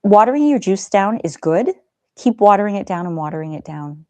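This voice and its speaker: A gentle, chatty middle-aged woman hosting a live stream, talking to viewers and laughing now and then. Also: mid-range voice, lively intonation, a little fast, no room sound. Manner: gentle, chatty, laughs often, soft asides. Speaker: live stream host reading chat. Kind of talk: casual live stream chat.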